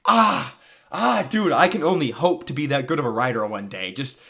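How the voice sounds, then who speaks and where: Lively, excitable young man ranting. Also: fairly high pitch, moderate pace, gravelly. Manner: excited, profane, rambling with fillers and laughs. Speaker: book vlogger. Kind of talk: casual book review monologue.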